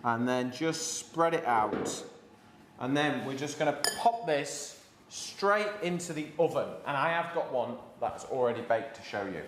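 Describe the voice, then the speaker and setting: A man's voice: mid-range voice, expressive, a little slow, roomy sound, a little hiss or hum. A man hosting a live cooking class from his home kitchen, chatting and joking with his daughter while he explains each step.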